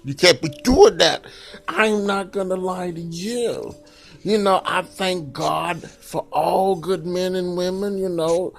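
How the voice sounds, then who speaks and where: This comedian rambles through his stand-up stories, leaning on "you know" and leaping into a piercing falsetto wail whenever panic enters the tale. His delivery is slow and creaky, and faint music plays in the background.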